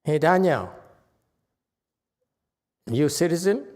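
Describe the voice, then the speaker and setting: A man's voice: a little high, expressive, takes it slowly, a little mellow. A man as a Buddhist meditation master giving a conversational dharma lecture, checking in with his listeners often.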